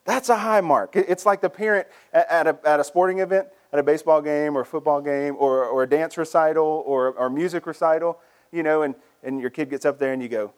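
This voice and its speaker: Here the preacher's pitch sits fairly high and his pace is brisk; his sermon feels lively and chatty, with words often doubled at the start of phrases.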